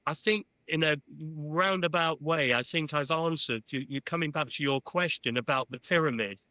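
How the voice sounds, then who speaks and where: Lebhafter älterer Mann erzählt Anekdoten. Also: male voice, fairly high pitch, dry recording, low-quality recording. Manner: animated, anecdotal, peppered with "you know". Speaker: podcast guest, former club chairman. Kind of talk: storytelling in an interview.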